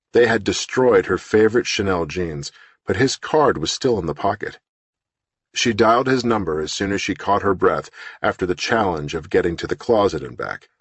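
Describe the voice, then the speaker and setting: A man reading an audiobook novel in scripted narration with an even, steady delivery, close to the microphone. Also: low-pitched, slightly rough, no echo.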